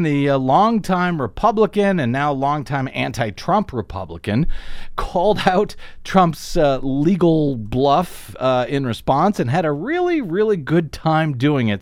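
A man hosting political talk radio, sardonic, tossing off quick asides with chuckles. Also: fairly high pitch, sing-song, no echo, clean studio sound. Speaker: radio show host.

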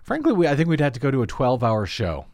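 A man's voice: mid-range voice, wildly swooping pitch, fast talker, darkish tone, no room sound, studio quality. A man hosting a talk radio show, wry and self-deprecating, stumbling over fillers as he talks. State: a little out of breath. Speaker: radio host. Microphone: studio microphone.

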